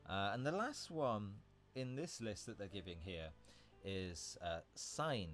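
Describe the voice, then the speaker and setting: Chatty low-voiced man explaining words. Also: lively intonation, unhurried, a bit bright, soft background music. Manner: chatty, self-correcting, laughs at himself. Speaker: livestream host teaching English vocabulary. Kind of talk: casual livestream explanation.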